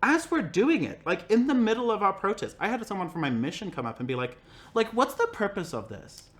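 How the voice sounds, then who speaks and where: A young man casually telling a personal story as a podcast guest, animated and acting out the people he quotes. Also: sits high, fast. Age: young adult. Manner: animated, acts out quoted voices, many "like" fillers.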